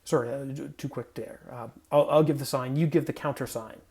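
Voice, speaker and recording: A man's voice: mid-range voice, fairly even intonation, fairly quick, darkish tone. A man, a pastor, reading scripture and then giving a casual, conversational sermon in a playful manner with self-corrections, recorded in a home guest room.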